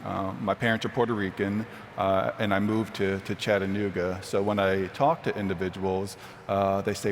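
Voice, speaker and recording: A man from New Jersey moderating a conference panel in a measured way, with many filler sounds. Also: deep voice, little pitch movement. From New Jersey, USA. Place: large conference hall. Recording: reverberant hall, faint noise.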